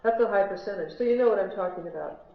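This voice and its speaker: Quick-paced and medium-pitched, an American woman gives a chatty spiritual talk in a large hall, telling stories and asking the audience questions. It was taped from the crowd on a handheld MP3 player, leaving the sound lo-fi, echoey, and slightly noisy.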